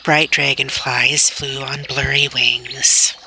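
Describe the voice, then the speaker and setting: A woman reads a children's storybook aloud in a slow, deliberate, gentle manner. Her voice is strikingly bright with a gravelly edge. A faint noise sits under the reading. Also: extremely low pitch, flat delivery. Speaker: storybook reader.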